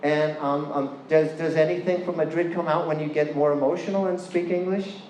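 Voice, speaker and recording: Brisk and steady in tone, a guest lecturer with a fairly high, slightly mellow voice and a Californian accent gives a playful, chatty lecture in a university hall. He asks the audience questions. A little hiss or hum sits under the echoey room ambience.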